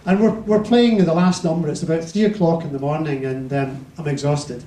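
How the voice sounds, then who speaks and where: A Scottish musician telling a rambling anecdote on stage, building it up to a punchline. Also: male voice, on the high side, fairly even intonation, moderate pace, mellow. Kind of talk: stage anecdote to a live audience. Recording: roomy, distant stage mic.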